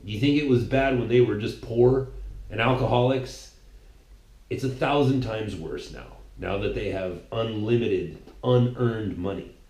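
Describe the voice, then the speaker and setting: A man's voice: on the low side, unhurried, darkish tone. A man delivering a heated, ranting commentary monologue as a podcast host, emphatic and often restarting his sentences. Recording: echoey room.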